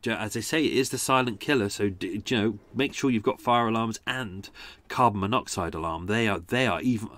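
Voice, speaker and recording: A man's voice: fairly low pitch, fairly bright tone, dry recording. A man hosting a podcast, telling a personal story in a chatty, rambling way, often correcting himself and swearing mildly. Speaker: podcast host. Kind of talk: casual storytelling.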